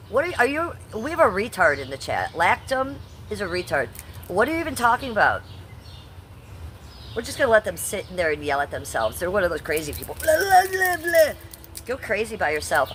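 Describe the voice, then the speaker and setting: A woman in her fifties live streams casually, reading her chat aloud and answering bluntly, combatively swearing at hecklers. Her voice is deep with a fairly bright tone, and a little hiss or hum is audible.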